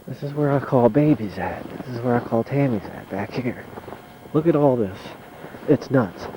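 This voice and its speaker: A man casually narrating his home video on a handheld camcorder as he walks outdoors through deep mountain snow. He talks in a chatty, wry way and curses mildly. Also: animated, moderate pace, background noise. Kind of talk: casual narration while filming.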